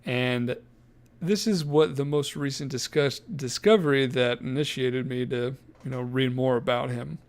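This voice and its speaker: A man's voice: mid-range voice, steady tone, measured pace. Joking man reading notes on a podcast. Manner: jokey, self-deprecating, laughs mid-sentence. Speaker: podcast co-host. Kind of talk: casual podcast chat, reading notes aloud.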